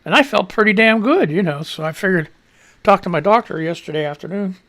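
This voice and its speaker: Gravelly, chatty radio host, short of breath. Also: male voice, high-pitched, expressive. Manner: loud rapid-fire greetings, chatty, swears freely. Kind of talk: casual rambling chat.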